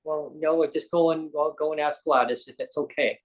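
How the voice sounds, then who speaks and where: Man with a fairly high voice, guest on a live show, rambling personal story, acts out quoted lines. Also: steady tone, normal speed, rough recording. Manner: rambling, self-correcting, acts out quoted dialogue.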